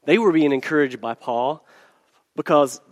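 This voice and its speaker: A man preaching a sermon as pastor, hoarse from a cold, talking conversationally with fillers and restarts. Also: a little high, normal speed, darkish tone, in a large hall. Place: church hall.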